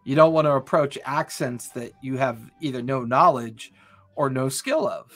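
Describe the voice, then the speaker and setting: A man co-hosting a casual podcast as game master, relaxed and musing, slipping into mock accents now and then. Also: medium pitch, normal speed, soft background music. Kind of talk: casual chat.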